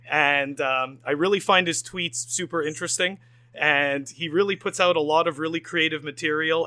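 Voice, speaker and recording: A man's voice: on the high side, pushed and bright. Upbeat rambling podcast host, man. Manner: rambling, upbeat, many fillers. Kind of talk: casual podcast interview.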